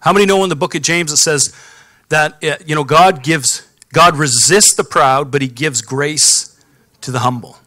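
Bright-voiced man preaching a sermon. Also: fairly high pitch, normal speed, dry recording, clean studio sound. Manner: calls out to the congregation for responses. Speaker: pastor. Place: church sanctuary.

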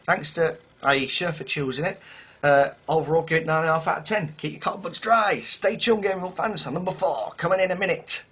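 A man hosting a casual game commentary, rambling and self-mocking with sudden exclamations, his voice a little hoarse. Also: fairly high pitch, brisk, fairly bright tone. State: slightly hoarse voice. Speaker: gaming video host. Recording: game music behind voice.

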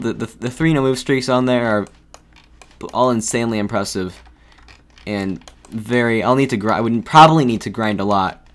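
A man giving thinking-aloud commentary while playing a geography game, hesitant and full of restarts. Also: fairly low pitch. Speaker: gaming video creator.

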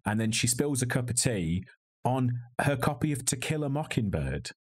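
A man's voice: medium pitch, big pitch swings, normal speed, breathy edge. A man co-hosting a podcast, reviewing a film in a wry, joking, rambling way. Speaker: podcast co-host. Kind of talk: casual film review chat. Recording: slightly glitchy video call audio.

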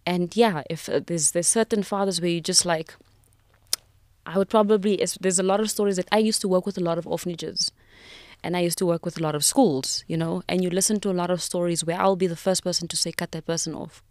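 Low-voiced South African woman telling her story. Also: fairly even intonation, fairly quick, a little mellow, no room sound. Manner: emotional, reflective, with frequent restarts. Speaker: podcast guest. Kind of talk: personal storytelling in an interview.

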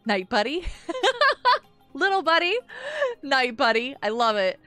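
A woman's voice: sits high, big pitch swings, slow pace, sharp tone, clean tone, dry recording, faint music behind. A woman in her thirties chatting with viewers while she plays on a live gaming stream, bubbly and giggly.

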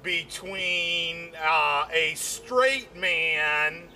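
A man doing a rambling stand-up comedy routine, repeating himself and leaning on "you know", his voice jumping higher whenever he gets excited. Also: drawn-out words, a little hiss or hum. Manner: voice jumps high when excited.

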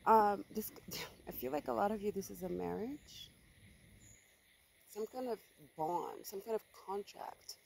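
A woman doing a casual tarot reading for her viewers, speaking bluntly and with emphasis and swearing without hesitation. Her pitch sits in an ordinary middle range. A faint hiss of noise stays under her voice. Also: measured pace, creaky, long pauses, darkish tone, low-quality recording. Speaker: tarot reader.

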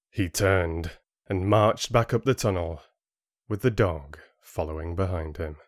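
Man, audiobook narration, steady storytelling, low voice, dry close sound. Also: unhurried, no room sound.

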